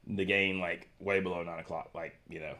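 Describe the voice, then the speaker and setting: Male stream co-host, low voice, relaxed rambling gear talk. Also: moderate pace. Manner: relaxed, rambling, lots of fillers and restarts. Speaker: co-host of a guitar shop live stream. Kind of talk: casual chat, reading viewer comments.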